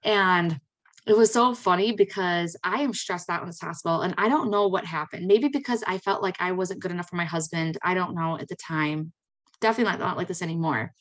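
A woman in her thirties, hosting a podcast, telling personal stories in a chatty, animated way with frequent exclamations. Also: fairly low pitch, a little fast. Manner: chatty and animated, with many fillers and excited exclamations. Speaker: podcast host. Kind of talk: personal storytelling.

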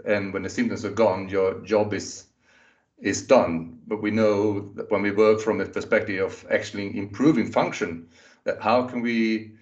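A man's voice: lowish voice, recorded from a distance, lo-fi sound. A man hosting an interview who speaks thoughtfully and rambles a little, with frequent fillers. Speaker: interview host. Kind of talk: conversational interview.

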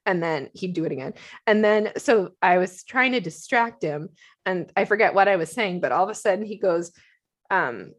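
Co-hosting a casual chat podcast, a middle-aged woman tells stories animatedly and laughs often. Her voice is medium-pitched, at a normal speed.

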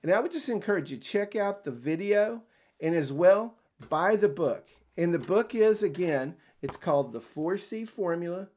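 An older man hosting a career podcast, telling a story in a casual, animated way, acting out quoted conversations and chuckling often. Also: sits high, moderate pace. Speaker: podcast host and career coach.

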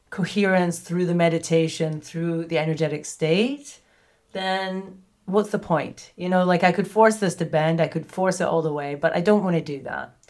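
Candid chatty woman, low voice. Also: darkish tone. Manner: candid, chatty, full of fillers and asides. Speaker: podcast host. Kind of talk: personal storytelling monologue.

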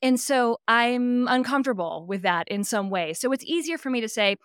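A woman from California, a voice coach talking in a podcast interview, expressive and emphatic, often adding "right?" asides. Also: fairly high pitch, normal speed, clear, resonant tone, no room sound, clean studio sound.

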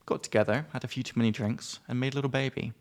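A man's voice: mid-range voice, fairly even intonation, rapid-fire. A man with a British accent co-hosting a casual podcast, explaining words with playful examples. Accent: British English. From Britain. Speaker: podcast co-host, English teacher.

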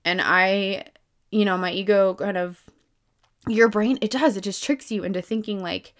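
A woman's voice: fairly even intonation, moderate pace. A woman of about thirty talks straight to her listeners in a loose, unscripted self-help monologue. Her voice sits in a middle range and leaps up in bursts of emphasis, peppered with "like" and casual swearing. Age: around 30. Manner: chatty, lots of "like", swears freely, emphatic swings in pitch and loudness. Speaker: podcast host.

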